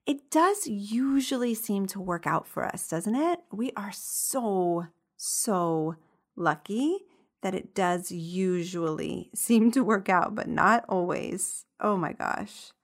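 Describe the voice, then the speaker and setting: A woman hosting a podcast, reading listener stories in a casual, giggly, animated way. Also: mid-range voice, slow. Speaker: podcast host.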